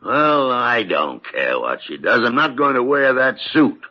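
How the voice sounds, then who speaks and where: A man's voice: mid-range voice, very animated, unhurried. An actor playing a grumpy, blustering older male hospital chief in a radio play, sputtering with indignation. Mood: indignant. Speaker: senior doctor. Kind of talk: 1940s radio acting. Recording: dull old radio broadcast recording.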